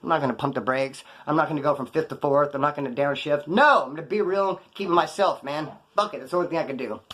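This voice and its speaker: A man from Kern County, California, rattles off prison stories at a breakneck clip. His voice sits a little high for a man, and he jumps into the voices of the people he quotes before dropping back to his own casual slang. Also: fairly bright tone. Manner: rapid, slangy, quotes others in put-on voices. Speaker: prison storyteller vlogger. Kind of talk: fast casual storytelling monologue.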